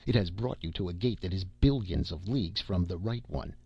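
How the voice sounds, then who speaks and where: A man voicing a stern, deliberate male head clerk at the gates of heaven, speaking briskly and with questions. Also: deep voice, husky, dull audio.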